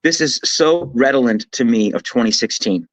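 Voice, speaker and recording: A man talking as a guest commentator on a political talk show, emphatic and animated, telling things as a story with frequent restarts. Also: medium pitch, moderate pace, no echo, poor audio.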